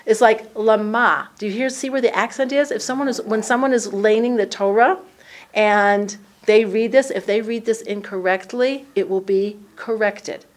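Woman leading a Torah class, chatty and animated, acting out the verses in an even middle register. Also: medium pitch, moderate pace. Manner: lively, acts out the dialogue in the text. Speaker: Torah study teacher. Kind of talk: conversational Bible class teaching.

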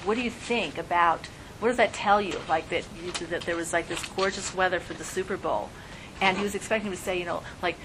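A woman giving a casual spoken Torah class, telling stories in a chatty, animated way with little laughs. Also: lowish voice, background noise.

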